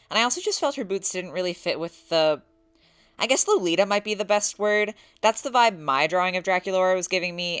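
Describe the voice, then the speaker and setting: A young woman narrating her own drawing process in a soft-spoken, candid voice-over. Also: on the low side. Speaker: artist vlogger.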